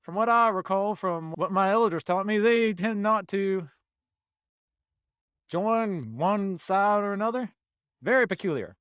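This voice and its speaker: A man's voice: fairly high pitch, unhurried, vocal fry, no room sound, clean studio sound. A man playing a cagey druid with a country drawl. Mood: folksy friendly. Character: cagey male druid adventurer, prickly then friendly. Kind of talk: tabletop role-play.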